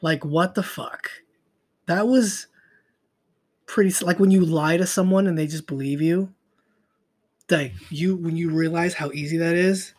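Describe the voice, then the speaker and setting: A man's voice: on the high side, fairly even intonation, a little slow, long pauses. A young man hosting a solo podcast, talking in a profane, rambling way and trailing off into mutters. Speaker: podcast host. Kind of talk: casual solo podcast rant.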